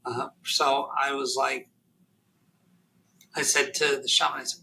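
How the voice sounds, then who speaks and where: A man telling a deeply personal story as a podcast guest, halting and emotional, near tears, with many fillers and restarts. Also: flat delivery, creaky, bright, forceful tone, slight background noise, poor audio.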